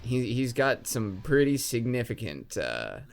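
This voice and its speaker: Playful man with a very lively voice. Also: medium pitch, vocal fry, soft background music. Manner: playful, teasing, quick bursts. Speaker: let's play co-host. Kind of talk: casual gameplay commentary.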